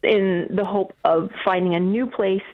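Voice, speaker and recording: A woman calling in to a radio show, emotional and near tears, talking in a halting way with restarts. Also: medium pitch, fairly even intonation. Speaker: caller. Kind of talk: phone-in call. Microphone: phone. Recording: tinny phone line.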